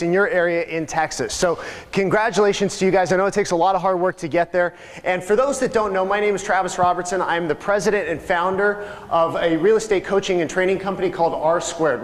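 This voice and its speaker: Energetic high-voiced man rallying a crowd. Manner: energetic, joking, rallying the audience. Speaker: real estate coach and speaker. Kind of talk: live seminar talk to a crowd. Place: large seminar room. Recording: long hall reverb.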